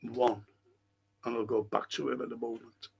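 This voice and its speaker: A man hosting a talk show, giving an impassioned monologue and reciting verse with slow, emphatic delivery and dramatic pauses. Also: mid-range voice, little pitch movement, gravelly, husky. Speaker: radio show host.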